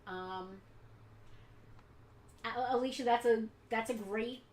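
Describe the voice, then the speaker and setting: A woman hosting a live giveaway stream in casual chat, bubbly and quick to laugh. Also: a little high, roomy sound, poor audio. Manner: bubbly, laughs often, runs the list. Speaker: host of a live collectibles giveaway.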